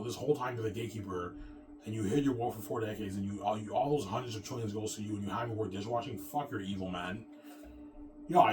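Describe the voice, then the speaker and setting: A man's voice: fairly low pitch, recorded from a distance, background noise. A man ranting in a rambling, agitated monologue, cursing and repeating himself. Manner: agitated, profane and repetitive, ends phrases with "man".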